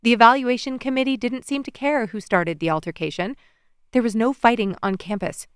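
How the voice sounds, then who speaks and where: A woman narrating a first-person romance audiobook in an expressive storytelling manner, recorded close in a studio. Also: a little high, brisk, clean tone, dry recording.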